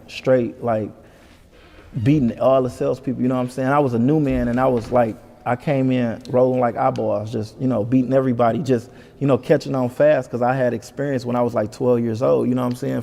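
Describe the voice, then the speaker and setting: A man from Detroit tells his story at a quick clip, in a dark, gravelly voice. He is a lively guest who acts out each person's lines. His voice trails off into a long, ringing reverb. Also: mid-range voice. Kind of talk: casual storytelling.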